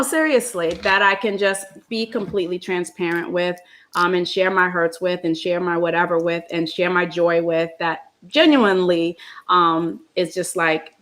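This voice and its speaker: Woman host, lowish voice, earnest and reflective, lots of ums, heartfelt chat. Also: a bit bright.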